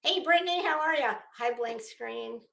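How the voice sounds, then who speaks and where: A chatty middle-aged woman with a Florida Southern accent hosts a casual livestream, greeting each viewer by name and cursing now and then. Her voice sits a little high for a woman. The sound has the echo of a roomy space. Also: moderate pace, gravelly, pushed and bright. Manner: chatty, frank, swears freely, greets chat by name. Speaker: livestream host.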